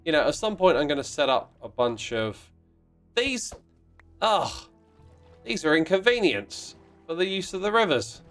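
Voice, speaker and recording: With soft music playing behind him, a man streams a block-building game and reads viewer messages in a playful, mock-indignant style, breaking into sudden exclamations. His voice is a little high and a bit bright, very animated yet delivered at a measured pace.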